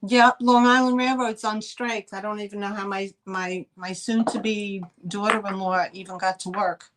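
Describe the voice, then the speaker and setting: A woman's voice: medium pitch, steady tone, normal speed, noisy background. A woman with a New York accent hosting a live online sale, chatting with viewers and greeting them by name. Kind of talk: live-stream selling chat.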